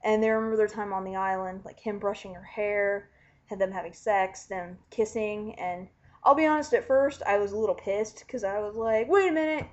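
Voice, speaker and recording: Woman vlogger, excitable casual recap delivery, swears freely, dull lo-fi recording. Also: medium pitch, moderate pace. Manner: animated, chatty, swears casually.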